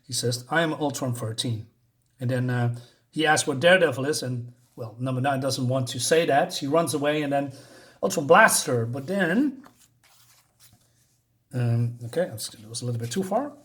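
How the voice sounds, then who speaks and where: A man's voice: medium pitch, expressive, moderate pace, a bit bright. A man giving a casual, rambling comic book review on his channel, with lots of fillers and restarts.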